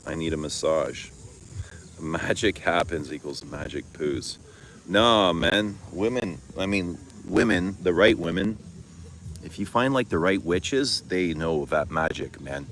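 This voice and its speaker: A man's voice: deep voice, measured pace, slight background noise, rough recording. A middle-aged man from Canada chatting casually with viewers about perfume, telling stories with frequent swearing and laughter. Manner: swears freely, laughs, animated storytelling. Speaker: fragrance vlogger. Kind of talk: casual livestream chat answering comments.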